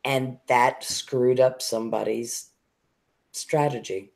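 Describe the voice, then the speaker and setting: Co-host, mid pitch, dry and matter-of-fact remarks. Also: steady tone, slow, gravelly, darkish tone. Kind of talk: casual chat on a live stream.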